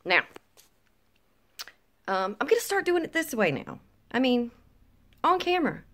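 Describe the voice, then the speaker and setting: A woman's voice: a little high, sing-song, measured pace, a bit bright, slight background noise. A woman with a Southern US accent ranting bluntly and profanely to a phone camera held close at home, dropping into whispers for emphasis. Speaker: vlogger. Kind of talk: blunt opinion rant to camera.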